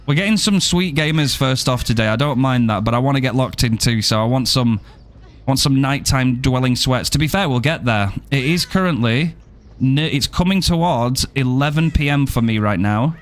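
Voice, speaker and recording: A man's voice: mid-range voice, normal speed. A young man streaming a game, joking around and swearing casually as he plays. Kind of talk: live gameplay commentary.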